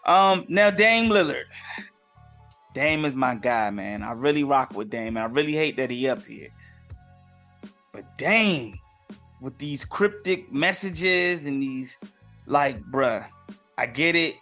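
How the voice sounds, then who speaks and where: A man's voice: medium pitch, animated, slow pace, long pauses, bright, forceful tone, soft background music. A man hosting a sports podcast segment, giving his casual take on the week's news with slang-filled, exasperated asides.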